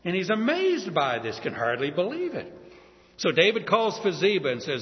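A man in his fifties or older preaching a sermon, telling a Bible story with an animated delivery and slowing down to stress key words. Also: high-pitched. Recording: dull audio in a reverberant hall.

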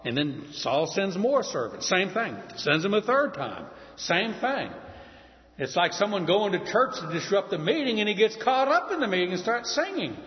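A male preacher delivers his sermon as a story, with lively asides and a rising and falling voice that sits a little high. The recording is muffled, and a long reverb hangs in the large hall around him. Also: moderate pace.

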